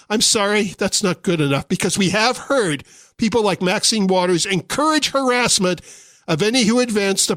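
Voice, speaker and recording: A man's voice: high-pitched, fairly bright tone, no echo. A man hosting a radio talk show, delivering a sarcastic, indignant political commentary monologue into a studio microphone.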